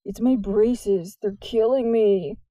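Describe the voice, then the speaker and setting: A woman's voice: mid-range voice, takes it slowly, dark tone, dry recording. Woman reader doing a wry teen boy, skeptical, dry sound. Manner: wry, doubtful. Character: teasing, skeptical teenage boy with braces.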